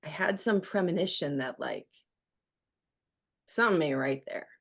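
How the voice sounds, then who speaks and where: A woman in her thirties with a low voice and plenty of vocal fry tells a hard personal story in a podcast conversation. She speaks candidly and emotionally, often acting out the words of the people involved. A radio host by trade, she sounds open and unguarded. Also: expressive, normal speed. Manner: candid, emotional, quotes others in her retelling.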